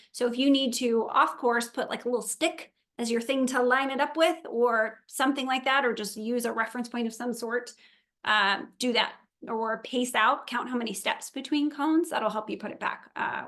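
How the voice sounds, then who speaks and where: A woman's voice: a little high, fairly bright tone. A woman briefing a virtual meeting for event volunteers and drivers, upbeat, chatty and practical. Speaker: event organizer.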